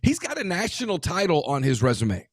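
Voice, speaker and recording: A man co-hosting a casual sports talk show, talking in an emphatic way with quick asides and restarts. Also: sits high, huge pitch swings, no room sound, studio quality. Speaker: podcast co-host.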